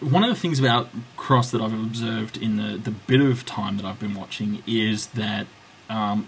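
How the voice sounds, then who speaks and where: A man's voice: lowish voice, a little hiss or hum, rough recording. A man co-hosting a casual podcast, rambling and joking with plenty of swearing. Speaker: podcast co-host. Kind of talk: casual chat.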